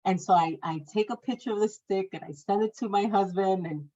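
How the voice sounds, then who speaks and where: A woman in her thirties tells a personal story in a middle-pitched voice. When she quotes people, she raises her voice and makes it livelier. The recording sounds a little dull and lo-fi. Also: a little fast, warm tone. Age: 30s. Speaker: guest sharing her testimony.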